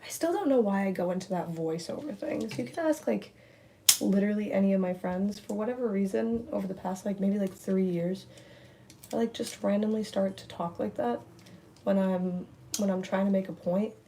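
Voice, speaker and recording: Creaky-voiced young woman chatting on a livestream. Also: medium pitch, normal speed, warm tone, a little hiss or hum. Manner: rambling, repeats words, reads viewer comments aloud. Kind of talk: casual livestream chat. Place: at home indoors, near a window.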